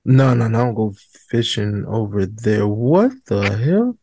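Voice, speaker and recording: A man's voice: on the low side, measured pace, creaky, no echo. Young male podcast host, dry close sound, easygoing and chatty. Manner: relaxed, conversational, trailing off and restarting. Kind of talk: casual chat.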